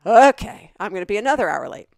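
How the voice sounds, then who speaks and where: A middle-aged Southern woman, a podcast co-host, chatting and telling stories with lively quoted voices. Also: medium pitch, fast, vocal fry, no echo, clean studio sound. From American South. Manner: animated storytelling with quoted voices. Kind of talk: casual chat.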